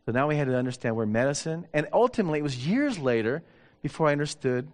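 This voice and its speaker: A man's voice: a little high, big pitch swings, quick pace. A middle-aged man, a pastor, telling stories in a sermon, acting out dialogue with self-deprecating humor. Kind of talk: sermon storytelling.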